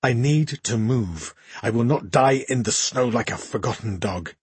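A man voicing a proud young queen who speaks formally and regally in a husky voice. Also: medium pitch, normal speed, no room sound. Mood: defiant. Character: proud young queen, wounded but defiant.

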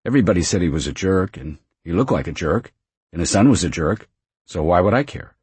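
A man with a deep, husky voice playing a blunt young woman who shrugs things off. She sounds offhand and dismissive, lifted a little above a very low, raspy register, in a dry, close reading. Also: expressive, fairly quick, a little mellow, no room sound, exaggerated voice.

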